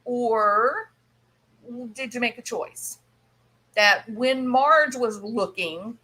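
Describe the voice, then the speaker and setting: In her casual explanatory podcast monologue, a woman chats through ideas, laughs occasionally and performs the voices she quotes. She speaks at a fairly high pitch, drawing words out in a pushed, bright way, and the audio is poor.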